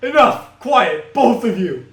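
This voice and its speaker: A man doing a gruff Pianta mafia boss. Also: fairly high pitch, expressive, a little slow. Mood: angry. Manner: gruff, commanding, theatrical. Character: stern middle-aged male Pianta mafia boss. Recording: echoey room, music behind.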